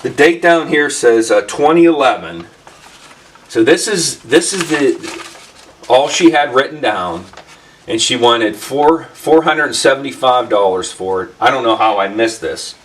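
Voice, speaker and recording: A man's voice: medium pitch, expressive, measured pace, recorded from a distance. Rambling man telling a workshop story. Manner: rambling, many fillers and restarts. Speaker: channel host. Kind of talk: casual storytelling vlog.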